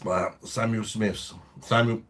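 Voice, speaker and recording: A man's voice: lowish voice, steady tone, takes it slowly, a bit bright. A man hosting a casual beer review livestream, chatting laid-back and reading out viewer comments. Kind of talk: casual live-stream chat.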